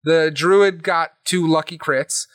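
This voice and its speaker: A man's voice: on the high side, slow pace, no room sound. A man on a podcast recapping a tabletop game session in casual chat, swearing freely and acting out what others said. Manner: animated, swears often, acts out quotes.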